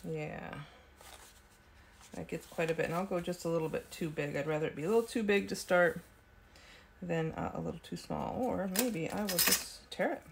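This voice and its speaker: A woman's voice: fairly low pitch, moderate pace, creaky, slight background noise. A woman hosting a casual craft video, chatting and thinking aloud as she works at her desk. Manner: talks with frequent ums and small laughs. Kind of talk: casual craft tutorial chat.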